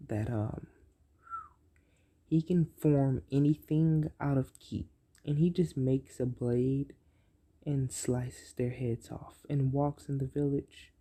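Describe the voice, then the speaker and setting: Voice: mid-range voice, dark tone. A storyteller casually narrating an improvised fan-fiction story, rambling with many ums and "so, yeah" fillers.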